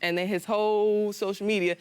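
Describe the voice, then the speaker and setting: A woman's voice: medium pitch, flat delivery, brisk, a little mellow, clean tone. Aggrieved young American woman. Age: young adult. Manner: aggrieved, insistent. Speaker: litigant. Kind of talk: emotional testimony.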